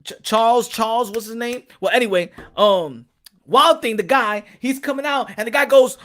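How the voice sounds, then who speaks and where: A man from Texas hosting a casual boxing opinion vlog, talking in an animated, repetitive, profane way. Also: very high voice, moderate pace. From Texas, USA. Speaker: boxing commentator and host.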